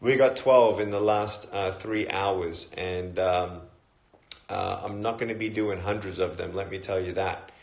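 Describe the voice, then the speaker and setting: A middle-aged Australian man chatting casually on a phone livestream, greeting viewers by where they are and filling pauses with ums and uhs. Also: deep voice, steady tone, gravelly, darkish tone. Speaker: motivational speaker. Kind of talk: casual live-stream chat.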